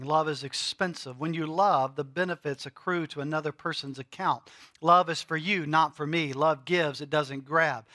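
Bright-voiced man preaching emphatically. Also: fairly high pitch, no echo, clean studio sound. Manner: emphatic preaching with dramatic pauses and swells. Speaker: pastor. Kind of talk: sermon.

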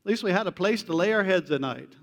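A man with a high voice preaches a sermon, talking to his congregation in a loose, conversational way. His delivery moves from hushed to emphatic. The sound carries a long reverb, as in a large hall. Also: lively intonation, fast. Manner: conversational preaching with casual slang. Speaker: pastor.

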